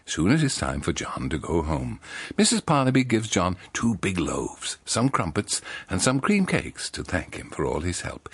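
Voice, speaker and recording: A man narrates a comic children's storybook in a deadpan, mock-innocent manner. His voice is husky, and his pitch swings widely. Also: moderate pace.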